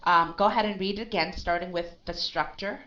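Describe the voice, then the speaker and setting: A woman's voice: on the low side, a little fast, bright, forceful tone, muffled recording. A woman teaching pronunciation in a live lesson, patiently correcting a learner and often checking in with "okay?" and "right?".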